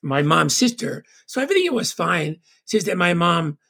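Gravelly, husky Tongan-born man. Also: fairly high pitch, very animated, bright, forceful tone. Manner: halting, repeats "you know" often. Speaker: interview guest. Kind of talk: personal storytelling.

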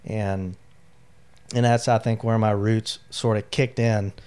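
A man's voice: on the low side, flat delivery, takes it slowly, a little mellow, smooth. A middle-aged man, an army veteran, telling his personal story in an interview, candid and emotional, with lots of "you know" fillers. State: near tears.

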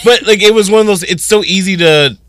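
A young man co-hosting a radio show, animated and chatty, laughing often and saying "like" a lot. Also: sits high, a little fast, no room sound, studio quality. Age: young adult. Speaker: radio co-host. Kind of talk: casual morning radio chat. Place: radio studio.

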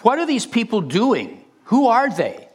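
A man's voice: very high-pitched, huge pitch swings, unhurried, husky. A male pastor preaching a sermon in an impassioned way, often repeating and restarting phrases.

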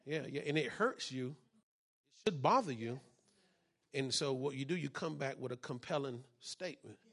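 Speaking at a moderate pace in an animated mid-range voice with some vocal fry, this pastor delivers a church sermon and testimony. He leans on call and response as his volume climbs from soft to loud.

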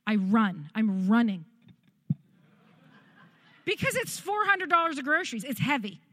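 A woman pastor telling a story in a sermon, animated and humorous. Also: fairly high pitch, measured pace, no echo.

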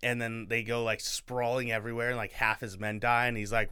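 Bright, clear-voiced young man rambling. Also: medium pitch, level tone, a little fast. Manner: rambling, filler-heavy storytelling. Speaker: podcast co-host. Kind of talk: casual chat, retelling a book.

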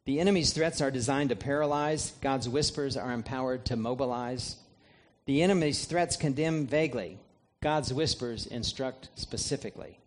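A man, a pastor, preaching a sermon in an earnest, measured way, reading scripture aloud. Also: mid-range voice.

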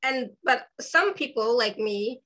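A slightly hoarse woman hosts an easygoing spiritual conversation. Her voice sits a bit high and sounds bright and forward, and her speech is full of "you know"s and good-humored asides. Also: expressive, slow, poor audio. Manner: enthusiastic, self-deprecating, many fillers. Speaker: host. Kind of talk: casual spiritual talk.

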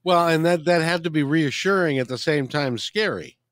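A man's voice: a little high, moderate pace, fairly bright tone, no room sound, clean studio sound. A man hosting an interview, offering affirmations and asking open, reflective questions. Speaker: interview host. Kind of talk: casual interview.

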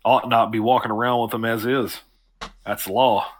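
A man voicing a big, well-kept male doorman who is calm and firm, speaking in a deep voice with a polite folksy drawl in a tabletop role-play. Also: normal speed, a little hiss or hum, lightly acted.

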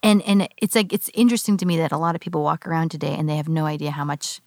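Woman podcast co-host: low, gravelly, dry studio sound, rambling casual delivery. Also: fairly even intonation, very fast, dry recording. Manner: thoughtful, rambling with frequent "like" fillers. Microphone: studio microphone.

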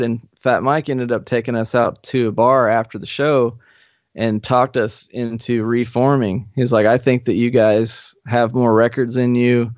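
A middle-aged man, a podcast guest, telling old band stories in a relaxed, profane, laughing way. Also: medium pitch, dry recording. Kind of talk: casual storytelling. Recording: slightly muffled dry studio recording.

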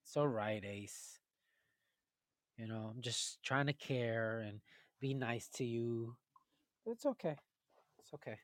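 A man hosts a cereal tournament on a group voice call, talking in a teasing, chatty way. His pitch bounces around a lot and sits in a middle register. The sound is close and dry, with no room at all. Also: lively intonation, slow pace, long pauses, no echo. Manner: teasing, chatty, laughs often. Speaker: host running a cereal tournament. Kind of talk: casual group voice chat.

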